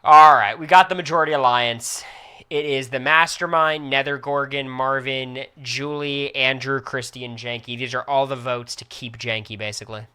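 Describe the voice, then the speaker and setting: A man's voice: medium pitch, clean tone. A young man giving casual, reactive play-by-play commentary on a live stream. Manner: quick, reactive play-by-play with excited outbursts.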